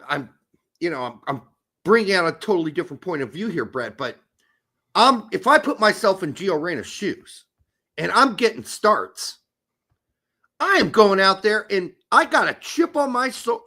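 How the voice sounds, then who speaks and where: A podcast host rants about sports with a high, bright voice that swings widely in pitch. He swears freely and talks in a heated, animated way. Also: moderate pace. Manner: animated, profane, ranting. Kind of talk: casual heated sports talk.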